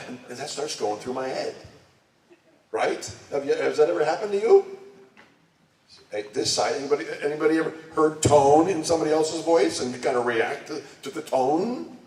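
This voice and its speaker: A man's voice: medium pitch, brisk, a little mellow. A man giving a conversational talk to a church congregation, often putting direct questions to his listeners. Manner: engages the audience with direct questions. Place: church sanctuary. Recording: echoey room, distant mic, faint ambience.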